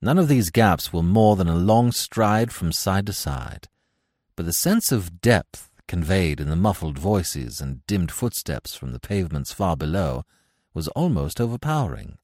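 Male narrator, very low voice, lively intonation, dry close sound, measured storytelling. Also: no echo. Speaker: audiobook narrator. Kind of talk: scripted narration.

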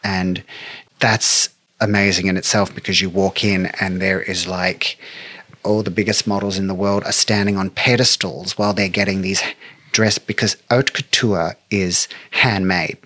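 A middle-aged man from Australia, a make-up artist telling stories in an interview with lively, emotional delivery. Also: low voice, normal speed, dry recording. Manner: animated, emotional storyteller who acts out quotes. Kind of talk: storytelling interview chat.

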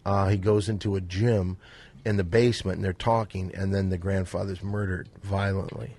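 A man's voice: deep voice, steady tone, moderate pace, a little mellow. A man co-hosting a podcast, bossy and steering the crude casual banter. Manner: bossy, keeps steering the talk. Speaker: podcast co-host.

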